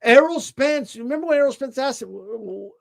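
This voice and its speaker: Brief: opinionated male boxing host with a high voice, stumbling over repeated words as he rants. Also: fairly quick. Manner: ranting, rhetorical "right?" tags, repeats words, says "bro". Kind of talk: opinionated casual commentary.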